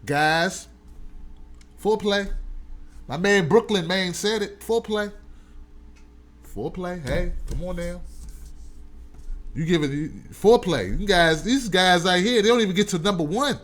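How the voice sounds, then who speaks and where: A man with a high, bright voice hosts a casual live stream and talks straight to his viewers. His delivery is loud and animated, full of joking, preachy asides. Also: a little slow, long pauses. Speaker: host.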